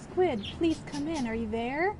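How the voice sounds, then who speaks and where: A woman's voice: high voice, lively intonation, a little slow, noisy background. A woman voicing a distraught space station AI, reading game dialogue aloud in frantic, pleading outbursts. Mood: worried.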